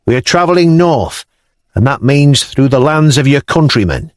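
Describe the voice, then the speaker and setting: A man doing a confident young Norse jarl, frank and easygoing, in close to his own voice. His pitch moves lively across the lines in a dry, close storybook read. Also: moderate pace, no room sound, natural voice. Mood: frank, good-humoured.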